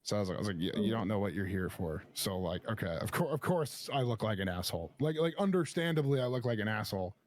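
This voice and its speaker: A man's voice: fairly low pitch, quick pace, hardly any pauses, dry recording, studio quality. A man casually telling a story on a stream, swearing often and acting out both sides of an argument. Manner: profane, animated retelling with quoted back-and-forth.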